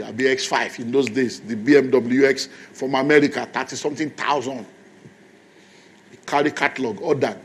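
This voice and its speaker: A man's voice: mid-range voice, slightly rough. Male Nigerian pastor, mid-range voice, storytelling sermon to a congregation. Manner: storytelling, conversational, repeating points to the congregation. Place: church.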